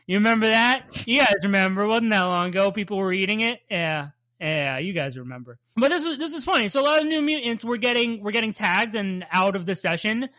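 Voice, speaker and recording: A bright, forward voice tells the story in loose, rambling fashion and jokes and laughs along the way. It swears casually, and the sound is close and dry with no room around it. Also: medium pitch, expressive, fairly quick, no echo. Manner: laughs often and plays up bits. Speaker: podcast co-host recapping a cartoon. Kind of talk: casual podcast chat.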